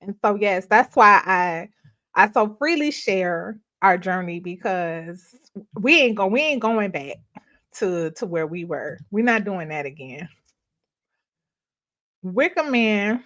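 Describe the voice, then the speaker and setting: A middle-aged woman, hosting a ministry live stream and telling a personal story in casual, animated talk that often breaks into laughter. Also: mid-range voice, slow pace. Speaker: ministry host.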